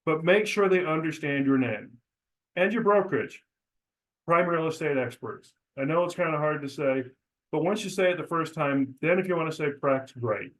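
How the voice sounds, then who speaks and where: Man coaching door-knocking, higher-pitched voice. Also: normal speed, fairly bright tone, rough recording. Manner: coaching, demonstrates scripts aloud with pitch changes. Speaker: real estate broker and trainer. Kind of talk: instructional talk.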